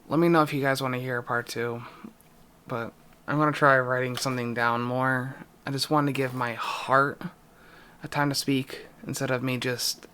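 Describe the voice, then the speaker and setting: A young man in an emotional vlog confession, distressed and near tears, speaking haltingly with pauses and a voice that drops. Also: medium pitch, sharp tone, clean tone. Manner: halting, pausing, voice dropping. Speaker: YouTuber.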